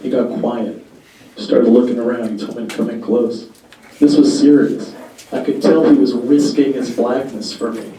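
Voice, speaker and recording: Recorded from afar in a reverberant club, a young man in the middle pitch range delivers stand-up with a flat, hesitant manner and plenty of pauses and fillers. Laughter rises from the live audience.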